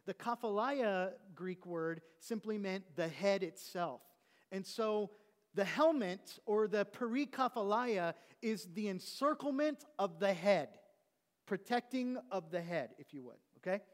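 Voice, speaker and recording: A male pastor with a notably high voice delivers a sermon to his congregation. He teaches by asking questions and drawing out important words slowly. The sound carries a long reverb, as in a church sanctuary. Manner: stresses key words slowly.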